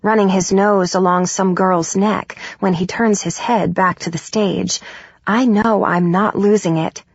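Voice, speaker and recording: A woman narrating a first-person audiobook in a steady, even way. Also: medium pitch, unhurried, slightly rough, no room sound. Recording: dull, dry studio recording.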